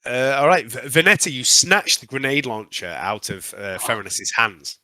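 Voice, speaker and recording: A man running a tabletop game as game master, narrating with frequent um pauses. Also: mid-range voice, sing-song, sharp tone, dry recording.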